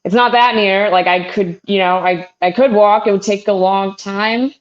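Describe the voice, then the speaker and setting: A young woman doing a stand-up comedy set, with a halting delivery full of fillers and restarts. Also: mid-range voice. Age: young adult. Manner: halting, filler-heavy delivery with self-deprecating jokes. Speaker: stand-up comic. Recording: muffled lo-fi sound.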